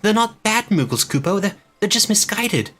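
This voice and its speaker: A man's voice: sits high, big pitch swings, normal speed, a bit bright, voice pushed up. A man voicing a small, fretful male Moogle creature, stammering and pleading as he reads game dialogue aloud.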